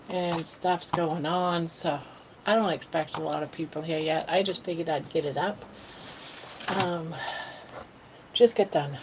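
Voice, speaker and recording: An older woman hosting a casual home livestream, chatting to viewers and cooing to her pet in between. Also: lowish voice. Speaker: livestream host. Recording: dull lo-fi home stream audio with faint hiss.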